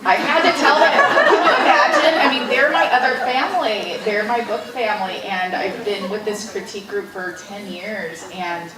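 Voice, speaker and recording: A woman's voice: mid-range voice, big pitch swings, normal speed, hardly any pauses, crowd noise. A middle-aged woman author telling stories in an interview at a library event, often laughing as she talks. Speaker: author guest. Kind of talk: storytelling interview. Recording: roomy, distant mic with background hiss.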